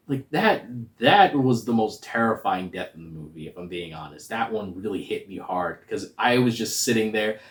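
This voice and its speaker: Slangy man reviewing a movie, roomy echo. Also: fairly low pitch. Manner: slangy, animated, rambling. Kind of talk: casual spoiler review.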